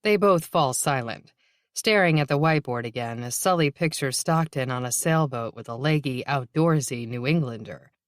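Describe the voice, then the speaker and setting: A woman narrating a novel in a measured, even reading. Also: extremely low pitch, dry recording, studio quality. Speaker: audiobook narrator. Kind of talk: scripted narration.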